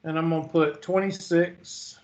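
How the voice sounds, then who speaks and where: Slow, drowsy man teaching math. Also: fairly high pitch, fairly even intonation, darkish tone, low-quality recording. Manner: slow, methodical, reads digits one by one. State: yawning, drowsy. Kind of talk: calculator walkthrough lecture.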